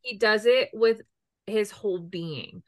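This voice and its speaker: A woman's voice: mid-range voice, measured pace, no echo, clean studio sound. A woman co-hosting a casual chat, gushing and rambling with lots of fillers. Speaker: co-host.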